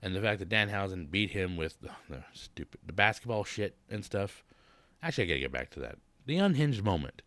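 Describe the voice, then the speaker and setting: A man's voice: low-pitched, big pitch swings, fairly quick, a bit bright, no room sound. A man giving a casual, blunt wrestling recap, talking in a rambling, profane rant. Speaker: wrestling vlogger.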